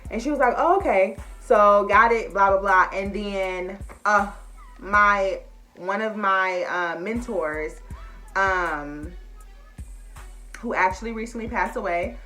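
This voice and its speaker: A woman's voice: mid-range voice, slow pace, pushed and bright, faint music behind. Chatty young woman vlogger, emotional. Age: young adult. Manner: chatty, emotional, addresses viewers as y'all. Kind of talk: casual chat to camera.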